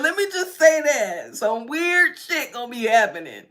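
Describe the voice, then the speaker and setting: A woman's voice: on the high side, sing-song, a little slow, sharp tone. A woman giving a casual tarot reading, chatty and repetitive, often breaking into laughs. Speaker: tarot reader.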